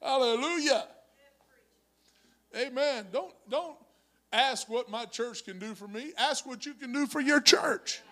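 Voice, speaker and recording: A male pastor preaching a sermon in church, moving from conversational storytelling to shouted exhortation. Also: very high voice, unhurried. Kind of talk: Pentecostal-style preaching. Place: church sanctuary.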